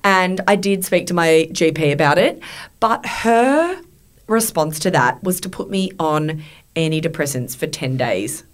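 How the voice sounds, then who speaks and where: A middle-aged woman hosts a casual chat, her voice sitting on the lower side. She tells stories in a lively, animated way, swearing freely and laughing often. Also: a little slow. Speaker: podcast host.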